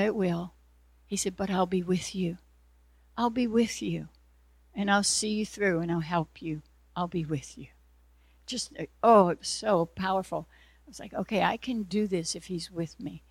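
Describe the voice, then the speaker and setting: A woman's voice: medium pitch, a bit bright, no echo. A woman telling an emotional personal testimony in an earnest way, acting out the dialogue as she goes.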